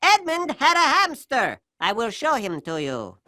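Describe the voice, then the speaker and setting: A woman's voice: fairly high pitch, huge pitch swings, a little slow, background noise. Woman doing a grandiose storytelling mule. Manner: grandly theatrical, keeps getting names wrong. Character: pompous male storytelling mule, rambling. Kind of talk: children's cartoon voice acting.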